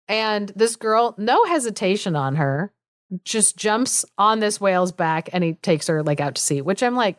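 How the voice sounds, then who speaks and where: In clean studio sound with no echo, this woman talks at normal speed in an expressive, mid-range voice. She's a podcast co-host telling a fairy tale in a chatty, casual way, packing it with asides and "like" and laughing frequently.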